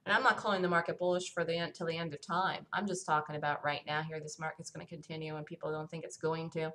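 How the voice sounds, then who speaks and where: A woman's voice: low voice, little pitch movement, fast, a bit bright. A woman hosting a stock market review show, talking through the day's trading on her own in an emphatic, self-assured way that circles back to the same points. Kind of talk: solo market review commentary.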